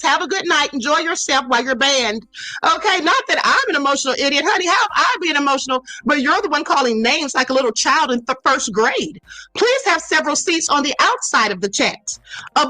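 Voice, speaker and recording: A woman's voice: high voice, pushed and bright, no room sound, rough recording. A woman hosting a livestream, commenting emphatically and answering her chat with sass. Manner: sassy, emphatic, addresses chat directly. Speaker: livestream host.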